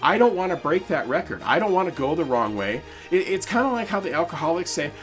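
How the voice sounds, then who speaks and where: A man's voice: fairly high pitch, big pitch swings, quick pace, hardly any pauses, fairly bright tone, faint music behind. A man in his forties hosting a podcast, talking earnestly and emphatically in a personal monologue, with frequent restarts. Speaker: podcast host.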